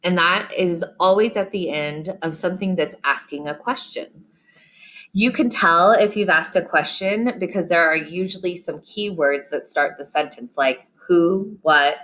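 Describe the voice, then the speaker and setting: Patient woman teacher with a lower voice. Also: a bit bright. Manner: patient, encouraging, reads examples aloud with expression. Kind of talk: recorded lesson for young students.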